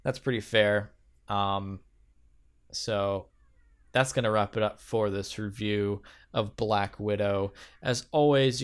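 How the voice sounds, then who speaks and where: A man co-hosting a movie podcast in casual chat, hesitant, with many ums and restarts. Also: fairly low pitch. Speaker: podcast co-host.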